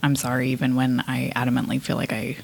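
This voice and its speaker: Creaky-voiced woman speaking hesitantly. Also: rumbling low, completely flat delivery, fast talker, no echo. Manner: hesitant, lots of fillers, soft trailing phrases. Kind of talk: casual chat.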